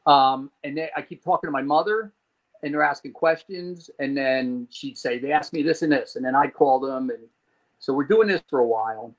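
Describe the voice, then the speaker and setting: A man from New Jersey, a guest on a podcast, tells a long personal story with animation, acting out the people he quotes and swearing casually. His voice is medium in pitch at a normal speed, and the recording is low quality.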